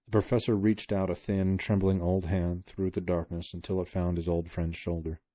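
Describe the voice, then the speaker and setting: A man reading a book aloud to his kids, telling the story at a steady pace. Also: deep voice, moderate pace, no echo, clean studio sound.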